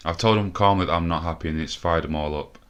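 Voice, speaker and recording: A gaming video host with a deep, smooth voice talks quickly as he commentates his own football management game in a let's play. Frustrated, he swears and thinks out loud.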